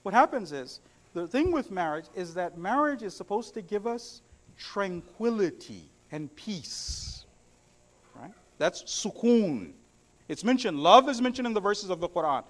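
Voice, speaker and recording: A man's voice: high voice, very animated, a little slow. A man preaching a sermon to his congregation, mixing humorous stories with recited Arabic verses.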